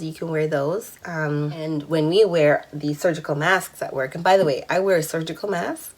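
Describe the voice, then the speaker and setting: A woman in her thirties telling a personal story in a candid, chatty vlog, laughing now and then. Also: low-pitched. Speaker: vlogger.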